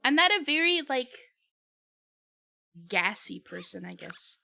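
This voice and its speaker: A woman's voice: high voice, sing-song, measured pace, creaky, sharp tone. A woman streamer chatting casually with her viewers on a live stream, laughing often and talking while eating.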